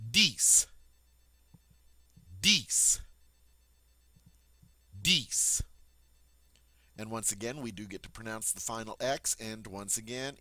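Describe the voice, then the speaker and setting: A man teaching French pronunciation, repeating each word slowly and clearly before explaining it. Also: lowish voice, fairly bright tone, no echo. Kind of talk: pronunciation lesson.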